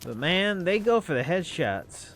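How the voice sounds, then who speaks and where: A man's voice: high voice, very animated, measured pace, a bit bright, slight background noise. A man streaming a video game, talking through it in casual commentary with wry, muttered asides to himself.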